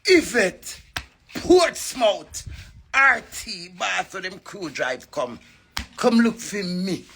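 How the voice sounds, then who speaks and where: Brash, profane Jamaican woman with a gravelly, bright voice. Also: mid-range voice, sing-song, slow pace. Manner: brash, profane, mocking, with sudden loud cries. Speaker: entertainer addressing a rival. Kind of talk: rambling taunting rant to camera.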